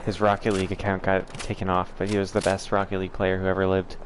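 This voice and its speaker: Man hosting a gaming stream, low-ish voice, loose and blunt, answers chat with lots of ums and restarts. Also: completely flat delivery, fast talker, a little hiss or hum. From southern United States. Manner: rambling, frank, many fillers and restarts. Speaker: livestream host. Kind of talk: casual chat answering viewers.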